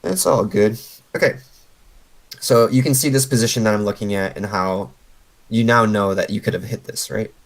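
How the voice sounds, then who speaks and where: A man's voice: fairly low pitch, normal speed, low-quality recording. A man coaching a player over a voice call, patiently explaining step by step with lots of fillers. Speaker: game coach.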